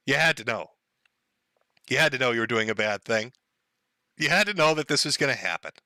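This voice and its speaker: A man's voice: fairly high pitch, bright, forceful tone, no echo. A man hosting a livestream, talking in a crude, sarcastic and mocking way. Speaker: livestream host. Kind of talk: casual livestream commentary.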